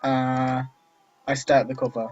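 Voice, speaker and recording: A man's voice: mid-range voice, level tone, a little slow, a little mellow, faint music behind. A man reading a visual novel aloud and commenting, with chatty, joking asides. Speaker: let's player. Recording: dull lo-fi recording.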